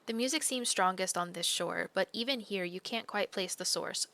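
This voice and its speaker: A woman's voice: medium pitch, moderate pace, vocal fry, bright, forceful tone. A woman co-hosting a gaming channel, reading a game's story text aloud expressively. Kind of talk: reading game narration aloud.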